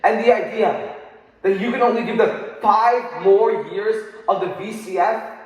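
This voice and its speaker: A man giving a dramatic, impassioned recitation of a speech, angry and emphatic, with pointed pauses. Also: sits high. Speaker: oral interpretation student. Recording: echoey hall with long reverb.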